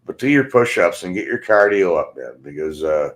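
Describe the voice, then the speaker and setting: Angry swearing man, low voice. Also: lively intonation, moderate pace. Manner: angry, blunt, swears constantly, ends phrases with "man". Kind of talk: profane ranting monologue.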